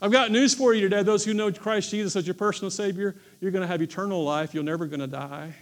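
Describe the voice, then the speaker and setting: A man's voice: high-pitched, fast talker. A male pastor preaching a sermon at a church service, repeating key phrases with emphasis and calling on the congregation to respond.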